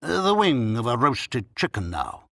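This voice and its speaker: A man voicing a pompous, red-nosed old male country doctor who speaks slowly and solemnly, in an audiobook. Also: medium pitch, sing-song, creaky, pushed and bright, no echo, studio quality, heavily acted. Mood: grave, pompous. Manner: slow, solemn and self-important.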